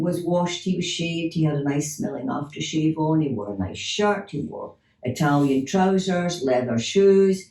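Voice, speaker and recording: Woman hypnotherapist telling stories. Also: low voice. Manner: lively anecdotes with acted-out dialogue and laughter. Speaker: clinical hypnotherapist. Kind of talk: storytelling in an interview. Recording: echoey room, distant from the mic.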